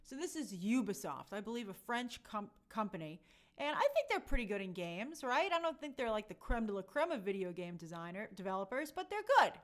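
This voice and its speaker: A woman's voice: mid-range voice, brisk. A woman hosting a casual live stream, reading viewer comments and chatting about entertainment news. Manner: animated, reads chat aloud, jumps into put-on quotes. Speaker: livestream host.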